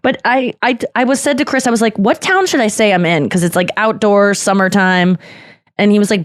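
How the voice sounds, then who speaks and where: A woman hosts a podcast in loose, quick-fire conversation, candid and confessional with frequent laughs. Her throat is irritated, and her voice sits in a middle register. The sound is dry and close, with no room echo. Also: medium pitch. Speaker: podcast host. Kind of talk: casual chat.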